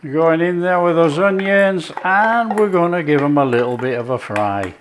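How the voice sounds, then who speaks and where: A man's voice: a little high, lively intonation, moderate pace, a little hiss or hum. A man hosting his own cooking channel, chatting enthusiastically to viewers as he demonstrates a recipe.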